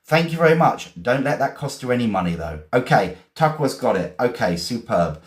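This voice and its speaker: A man from England with an English accent, teaching vocabulary in a chatty, encouraging way, repeating and spelling words slowly. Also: mid-range voice, very animated, roomy sound. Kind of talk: live-streamed vocabulary lesson.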